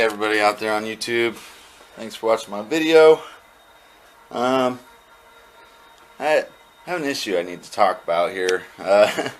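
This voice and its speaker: A man's voice: on the low side, fairly bright tone, slight background noise. Rambling man talking to camera. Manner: rambling, with fillers and repeats. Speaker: vlogger. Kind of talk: casual home video talk.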